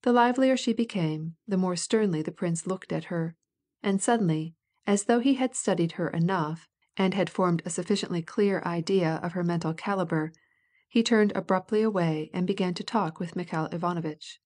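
A woman narrating a classic novel in a steady, even audiobook reading. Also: fairly low pitch, normal speed. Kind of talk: scripted narration.

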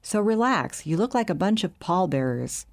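A woman narrating a smooth, assured bank chief who runs a secret meeting in a calm, soothing way. Her voice sits a little low and stays easy and steady. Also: moderate pace. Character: smooth scheming middle-aged male bank chief.

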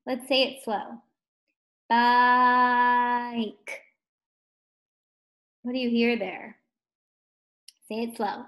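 Female first grade teacher, slow and stretched out, a bit high, gently encouraging. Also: steady tone. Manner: slow, drawn-out words sounded out for children; gentle, encouraging questions to young learners. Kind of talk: distance learning phonics lesson.

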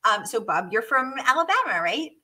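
A woman's voice: a little high, sing-song, moderate pace, pushed and bright, low-quality recording. A woman hosting a live online author interview over a video call, enthusiastic and playful, reading out viewer questions. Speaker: host.

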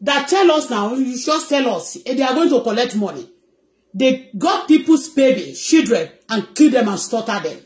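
A woman's voice: a little high, sing-song, moderate pace, roomy sound. A woman with a Nigerian accent giving heated commentary as a gossip vlogger, emphatic and repetitive, often asking if you understand.

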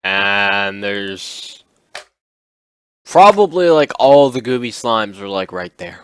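A young man giving relaxed, muttered commentary while playing a video game, with game music playing behind him. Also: on the low side, slow pace, a little hiss or hum. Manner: relaxed, muttering asides to himself. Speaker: gaming video host. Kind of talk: casual gameplay commentary.

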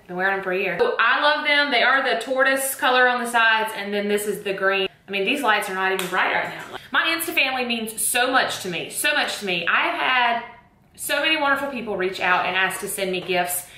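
A young woman with a Southern US accent talks to the camera in an enthusiastic, gushing, emphatic way. Her voice sits a little high and sounds bright and forceful. The sound carries a noticeable room echo. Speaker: teacher vlogger. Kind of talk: casual product chat to camera. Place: room lit with bright lights.

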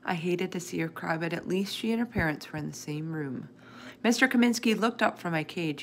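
A woman's voice: on the low side, brisk, fairly bright tone, a little hiss or hum. A woman reading a children's chapter book aloud, narrating expressively in the first person. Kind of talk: storybook read-aloud.

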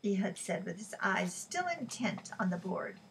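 A woman narrating a novel as an audiobook in a steady, measured way. Her voice sits at a middle pitch for a woman. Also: vocal fry, slight background noise, low-quality recording. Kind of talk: scripted narration.

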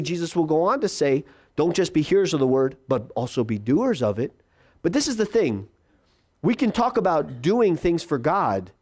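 A male pastor preaching a sermon in a conversational way, repeating key phrases and slowing down for emphasis. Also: a little high, a little mellow.

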